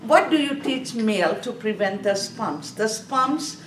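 Woman teaching a nursing class, repeats terms a lot, kinda high voice, echoey room from far off. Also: animated, unhurried, slight background noise. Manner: repetitive, drilling key terms, checks in with class. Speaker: nursing exam instructor. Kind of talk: classroom lecture.

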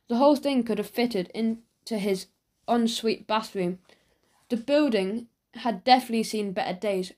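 A woman narrating a children's audiobook in a lively, expressive way. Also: mid-range voice. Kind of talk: storybook narration.

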